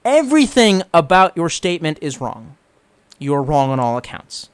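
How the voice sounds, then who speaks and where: A tipsy young man from the Washington DC area reads live-stream chat aloud, swearing freely and answering with sarcasm. His voice is a little high for a man and very animated, swinging all over as he rambles. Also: moderate pace, clear, resonant tone. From Washington DC metro area, US. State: getting drunk.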